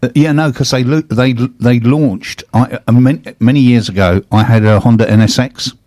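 A man's voice: mid-range voice, normal speed, a little mellow, dry recording. A man hosting a casual chat, telling rambling stories with restarts and laughs. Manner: chatty anecdotes, frequent restarts and laughs. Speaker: host.

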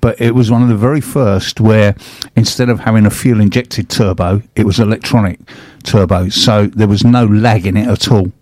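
Chatty man, low and dry. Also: fairly even intonation, normal speed, few pauses, darkish tone, no echo. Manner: chatty anecdotes, frequent restarts and laughs. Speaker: host. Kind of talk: casual chat.

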